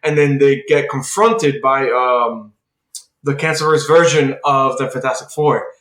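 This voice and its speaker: A man's voice: mid-range voice, fairly even intonation, a little slow, a bit bright. A man co-hosting a podcast, eagerly recapping a comic plot in casual chat, full of "like" and restarts. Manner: rambling comic recap, heavy use of "like". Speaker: podcast co-host. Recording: roomy echo.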